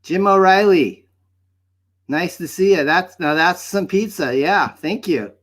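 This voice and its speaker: A goofy mustached bizarro host, put on by a man who rambles cheerfully in an invented accent. The voice sits a little higher than usual. It is a chatty, hammy livestream persona. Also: unhurried, a bit bright. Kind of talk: hosting an open-mic livestream. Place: home studio set.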